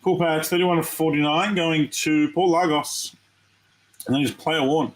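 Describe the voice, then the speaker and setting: A man's voice: a little high, unhurried, poor audio. A man from Australia hosting a live trading card break, chatting casually with viewers and reacting to each pull. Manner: chatty, excitable, talks to viewers. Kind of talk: casual live-stream commentary.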